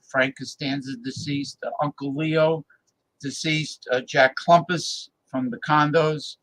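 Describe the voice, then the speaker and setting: Slightly high and a touch bright, this male voice belongs to a New Jersey, USA man hosting a laid-back talk show. He wanders through his points, leaning on many fillers as he gropes for the right words, and the recording is rough.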